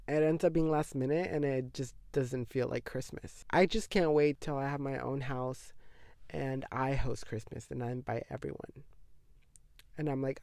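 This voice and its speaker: A man's voice: mid-range voice, steady tone, moderate pace, vocal fry, no room sound, clean studio sound. A nineteen-year-old man hosting a podcast, chatting casually in a gossipy, dramatic way with lots of "like". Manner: gossipy and dramatic, heavy use of "like". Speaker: podcast host. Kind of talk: casual chat.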